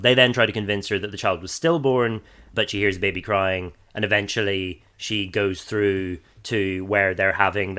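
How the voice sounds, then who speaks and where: An Irish man with a fairly low but pushed, bright voice co-hosts a podcast. He talks loosely about a film, laughing a lot and often restarting his sentences.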